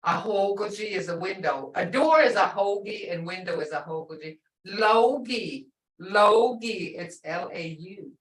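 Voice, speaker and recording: A woman's voice: lowish voice, moderate pace, hardly any pauses. An older woman teaching a language class over a video call, patiently stretching out words to show how they sound. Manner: patient, drawing out words to model pronunciation. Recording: roomy sound from far off the mic.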